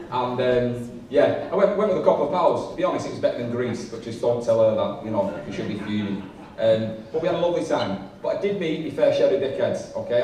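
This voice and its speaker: A man's voice: medium pitch, recorded from a distance, noisy background. A young man doing a stand-up set, chatty and self-mocking, swearing freely, with an audience laughing. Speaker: stand-up comedian. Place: comedy club with a live audience. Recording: echoey room, mic from afar.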